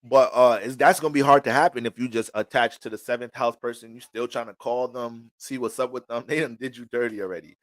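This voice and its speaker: A male astrologer giving a casual astrology reading, animated and preachy, with heavy cursing. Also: mid-range voice, fairly quick, hardly any pauses, no room sound.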